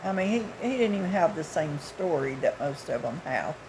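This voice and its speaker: A woman's voice: sits low, lively intonation, normal speed, darkish tone, a little hiss or hum, rough recording. Blunt, folksy woman in her sixties. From United States. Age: 60s. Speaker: vlogger. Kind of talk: casual storytelling.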